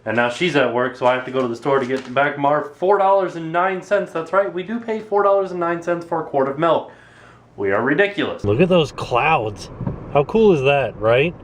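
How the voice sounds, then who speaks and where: A man's voice: fairly high pitch, moderate pace. Rambling young man vlogging from his car. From Florida, United States. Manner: rambling, jokey, animated storytelling. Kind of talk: casual vlog chat. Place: car and grocery store parking lot.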